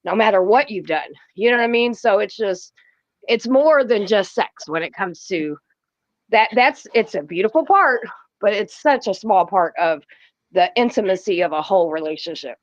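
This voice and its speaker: A woman's voice: mid-range voice, lively intonation, normal speed, lo-fi sound. A woman on a podcast panel, telling stories in a blunt, profane, casual way.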